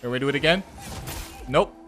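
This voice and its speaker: A man's voice: medium pitch, a little fast, a bit bright. A man playing a video game and chatting with a friend, playful, teasing and swearing. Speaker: gaming streamer. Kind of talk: casual chat while gaming. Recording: faint game music behind.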